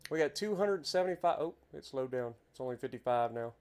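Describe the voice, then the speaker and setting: A man with an Appalachian accent giving chatty, excitable commentary while playing a driving game. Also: medium pitch, fast, smooth. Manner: chatty, easily excited, exclaims at scenery. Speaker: game streamer. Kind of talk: casual gameplay commentary.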